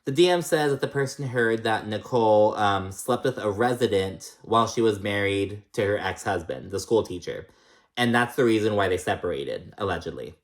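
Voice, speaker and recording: A man's voice: on the low side, moderate pace. A young adult man recapping a reality TV episode in casual chat, swearing freely, laughing often and acting out the cast's lines. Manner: profane, chatty, laughs often, acts out quotes.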